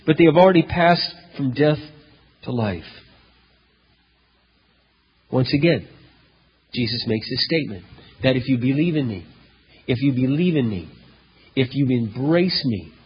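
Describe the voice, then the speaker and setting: A male pastor preaching a sermon, telling a story dramatically, with loud emphatic peaks and hushed low passages. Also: slightly rough. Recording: dull lo-fi recording in a reverberant hall.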